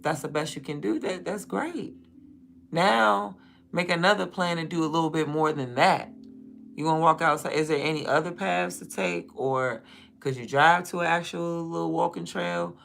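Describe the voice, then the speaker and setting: A young woman talks on her livestream in a low, deep voice. Her voice has a gravelly fry. She rambles in a blunt, profane, casual way. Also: normal speed, a bit bright. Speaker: livestream host.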